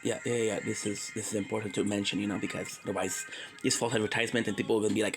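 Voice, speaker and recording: A man's voice: on the low side, level tone, fast, soft background music, poor audio. Rambling, joking Quebecois man. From Quebec, Canada. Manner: joking, tangent-prone, swears freely. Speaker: streamer. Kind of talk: rambling casual monologue.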